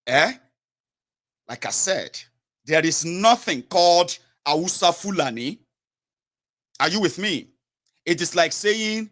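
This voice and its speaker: A man's voice: high voice, lively intonation, takes it slowly, pauses often, a bit bright. A man with a Nigerian accent giving an impassioned political monologue, emphatic and full of fillers and self-corrections. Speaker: political commentator.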